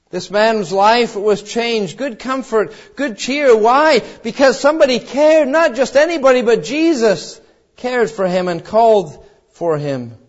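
A man's voice: high voice, animated, measured pace. A man preaching a sermon, retelling a Bible story in an earnest way and swelling with fervor as he appeals to the listener. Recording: dull lo-fi recording.

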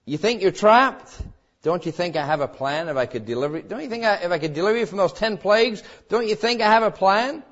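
Man, pastor, sermon, dramatic preaching, somewhat high voice, muffled recording. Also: expressive, fast. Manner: preaching with dramatic rises, voicing quoted cries and God's words.

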